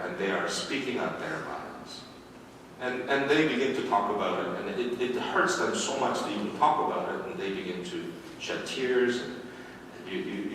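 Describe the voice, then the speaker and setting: A man preaching a sermon as pastor, animated and repeating his words, sometimes acting out voices. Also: on the low side, slight background noise. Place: church sanctuary. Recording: echoey hall from a distance.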